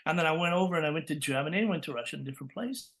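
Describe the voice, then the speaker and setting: An older man from Texas, a voice actor telling lively stories in an interview, acting out quotes and laughing often. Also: a little high, rapid-fire. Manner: animated, acts out quotes with laughs. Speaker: guest, voice actor and coach. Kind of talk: storytelling interview.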